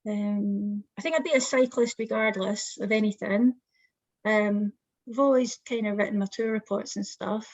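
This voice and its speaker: A woman's voice: medium pitch, moderate pace, darkish tone, dry recording, muffled recording. A young adult woman poet, speaking as a guest in an online festival interview, thoughtful and a little hesitant.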